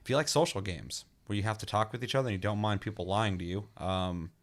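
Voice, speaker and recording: A man's voice: on the low side, fast talker. A man co-hosting a gaming podcast in casual chat, swearing freely and telling stories with energy. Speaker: podcast co-host reviewing games.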